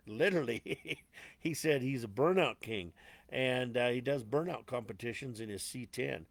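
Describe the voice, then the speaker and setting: A man's voice: mid-range voice, normal speed, dry recording. Chatty male host, dry close sound. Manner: loose, chatty, greets viewers like a stage crowd; rambling, with frequent fillers and mild cursing. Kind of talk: casual live show hosting.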